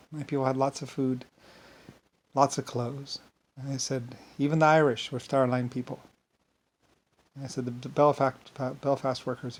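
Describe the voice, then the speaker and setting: Man of ordinary pitch, solo unscripted monologue; grandiose, wandering, circles back on himself. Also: a little mellow. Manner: grandiose, meandering, repeats himself. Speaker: solo speaker.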